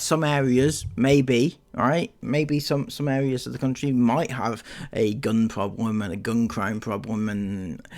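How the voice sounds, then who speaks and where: A man's voice: mid-range voice, darkish tone. A young man hosting a commentary channel, sarcastically reacting to viewer comments in a chatty, mocking way with ums and laughs.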